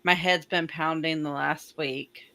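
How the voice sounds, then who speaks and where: Brief: woman from the US South, lowish voice with a bright edge, chatty podcast guest. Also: steady tone, a little slow. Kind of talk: casual chat.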